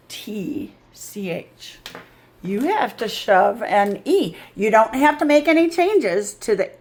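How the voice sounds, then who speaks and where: A woman reading tutor giving a patient, drawn-out phonics lesson. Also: medium pitch, a little mellow.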